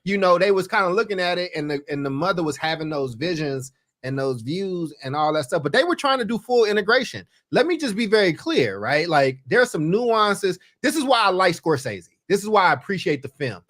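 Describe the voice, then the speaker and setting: A man co-hosting a movie review podcast, talking in an animated, emphatic way with slang. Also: sits high, brisk, hardly any pauses. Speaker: podcast co-host. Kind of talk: casual movie review chat.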